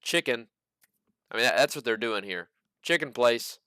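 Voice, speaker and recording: Stock video guy, casual joking commentary, smooth clear voice, dry sound. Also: mid-range voice, lively intonation, normal speed, pushed and bright, no room sound. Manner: joking, incredulous asides. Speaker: stock market video host.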